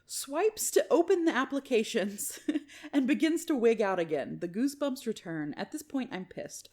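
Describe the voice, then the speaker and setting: A woman's voice: medium pitch, a little mellow. A woman co-hosting a podcast, reading a listener's story aloud and chatting casually, swearing and laughing often. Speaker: podcast co-host.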